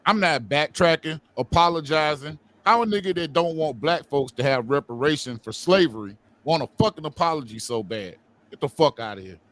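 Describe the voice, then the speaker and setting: A man's voice: a little high, animated, brisk, fairly bright tone. Defiant blunt man on a livestream panel. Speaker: co-host. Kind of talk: heated livestream talk.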